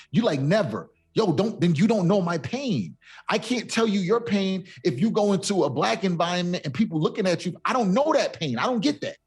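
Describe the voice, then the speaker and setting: A man's voice: high-pitched, darkish tone, breathy edge. A middle-aged man co-hosting a casual podcast, talking emphatically and streetwise, often asking if you see what he's saying. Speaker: co-host.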